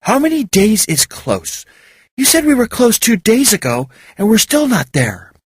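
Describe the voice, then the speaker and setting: Storybook figure: man reading an impatient young woman, high and pushy. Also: wildly swooping pitch, measured pace, breathy edge, no room sound, studio quality, exaggerated voice. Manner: nagging, demanding.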